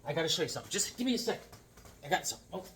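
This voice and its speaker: A man's voice: on the high side, big pitch swings, racing, a bit bright, a little hiss or hum. A man hosting a comic book video, chatting casually to camera with lots of fillers, asides and jokes. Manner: rambling, joking, lots of fillers and puns. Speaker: comic book channel host.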